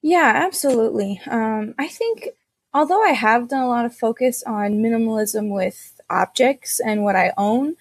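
A woman therapist speaking as an interview guest, halting, with frequent pauses. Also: a little high, expressive, breathy edge, dry recording. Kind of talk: casual interview conversation.

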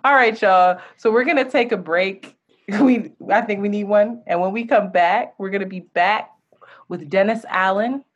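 A woman co-hosting a podcast in casual chat, animated and quick to laugh. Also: mid-range voice, highs cut off. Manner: laughs often, animated and chatty. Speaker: podcast co-host.

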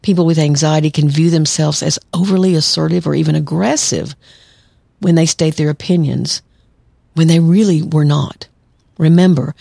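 A woman's voice: low voice, gravelly, mellow, husky, no room sound, studio quality. A woman therapist hosting a solo podcast, talking conversationally and acting out quoted lines. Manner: conversational, acts out quoted lines, laughs lightly. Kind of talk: solo podcast advice talk.

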